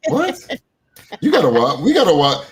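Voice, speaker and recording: A man's voice: lowish voice, big pitch swings, moderate pace, noisy background. A man co-hosting a stream in casual chat, rambling with many restarts. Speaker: co-host.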